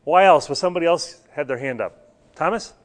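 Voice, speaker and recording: A man with a somewhat high voice leads a Bible class, speaking earnestly and often turning questions back to the group. His delivery is that of a church teacher working through a lesson. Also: animated, brisk.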